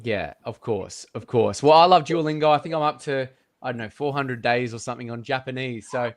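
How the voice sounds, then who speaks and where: A man's voice: medium pitch, brisk. A man hosting an interview, friendly and enthusiastic, laughing easily. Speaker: host. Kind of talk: casual interview.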